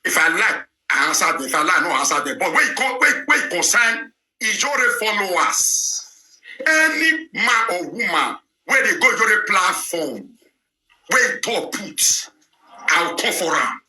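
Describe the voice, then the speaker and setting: A high, very bright male voice in Nigerian Pidgin, swinging up and down in pitch as he rants and throws out question after question. The sound carries an echo from the room he talks in. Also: big pitch swings, unhurried. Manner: ranting, firing rhetorical questions. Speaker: online show presenter. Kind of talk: heated live talk.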